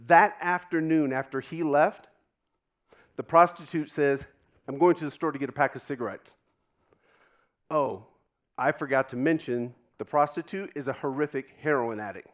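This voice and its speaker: A man giving a deeply personal storytelling talk on stage to a live audience, pausing for effect and dropping to a hush at tender moments. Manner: dramatic pauses, drops to a hush for quoted moments. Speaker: keynote speaker.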